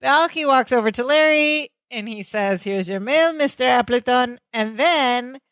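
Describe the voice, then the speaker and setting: A woman's voice: on the high side, lively intonation, unhurried, fairly bright tone, dry recording. A woman co-hosting a podcast, casually retelling a sitcom episode scene by scene. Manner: chatty, retells scenes with quoted lines. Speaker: podcast co-host.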